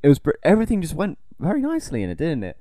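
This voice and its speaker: Lively, rambling male co-host. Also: on the high side, racing, no echo, clean studio sound. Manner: rambly, playful, self-mocking. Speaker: podcast co-host. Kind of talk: casual film podcast chat.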